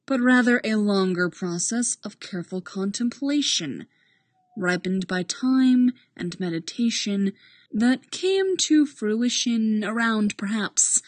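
A woman voicing a stern, formal male police captain who speaks in slow, measured, deadpan sentences. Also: medium pitch, no echo.

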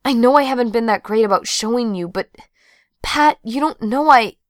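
A woman doing soft, hesitant young woman. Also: a little high, moderate pace, dry recording, clean studio sound, voice pushed up, lightly acted. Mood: earnest.

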